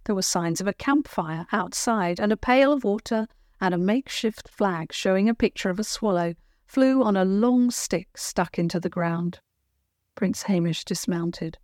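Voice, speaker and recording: A woman narrating a children's storybook in a gentle, clear read-aloud manner. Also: mid-range voice, normal speed, dry recording, clean studio sound.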